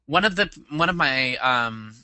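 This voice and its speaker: A man's voice: medium pitch, animated, a little slow, pushed and bright, no echo. A man co-hosting a podcast, chatting casually and rambling with lots of fillers. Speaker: podcast co-host. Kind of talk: casual chat.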